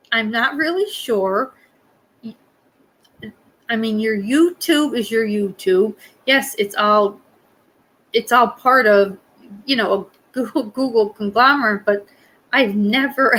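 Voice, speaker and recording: A woman's voice: on the high side, fairly bright tone, rough recording. A woman hosting a live stream, chatting casually with viewers in a rambling way and laughing often. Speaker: livestream host.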